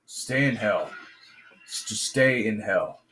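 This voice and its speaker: A man's voice: lowish voice, lively intonation, slow, pushed and bright, breathy edge. A man casually commenting on his own gameplay for viewers, trash-talking the enemies in a loose, joking way. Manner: addresses viewers directly.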